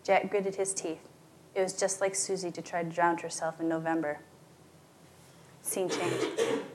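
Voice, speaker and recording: A woman reading a short story aloud as narrator, shifting her pitch and volume for the dialogue. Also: a little hiss or hum.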